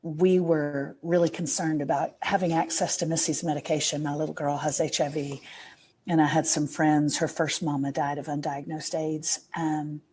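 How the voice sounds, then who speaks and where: A woman's voice: deep voice, level tone, normal speed, a little mellow, slight background noise. A middle-aged woman, a podcast guest, telling an earnest and emotional story in a casual interview.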